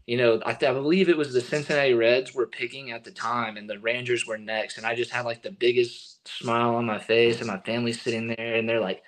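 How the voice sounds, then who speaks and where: Young man, from Texas, baseball pitcher, casual interview, animated storyteller, mid-pitched voice. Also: a little fast, few pauses. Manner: animated storyteller, acting out quotes.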